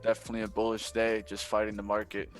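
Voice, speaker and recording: A man chats offhandedly during a live trading stream, low-key and unhurried. His voice sits low and barely moves in pitch. Faint jazz plays in the background. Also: monotone, soft background music. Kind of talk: casual live stream chat.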